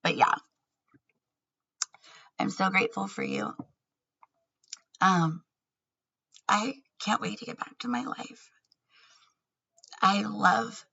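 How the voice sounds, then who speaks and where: A woman's voice: medium pitch, very animated, slow pace, vocal fry, long pauses, bright, forceful tone, breathy edge, dull audio. A woman talking candidly in a personal vlog, earnest and laughing often between words. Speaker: vlogger.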